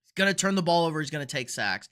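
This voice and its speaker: A man's voice: a little high, lively intonation, rapid-fire, sharp tone, smooth. A young man hosting a live sports stream, chatting casually and rambling through football picks while answering viewer comments. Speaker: sports show host.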